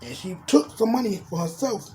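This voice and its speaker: Guy telling a raunchy story all slangy with boom bang sound effects, kinda high voice, little hiss behind. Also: big pitch swings, normal speed, darkish tone. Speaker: storyteller vlogger. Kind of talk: casual storytime.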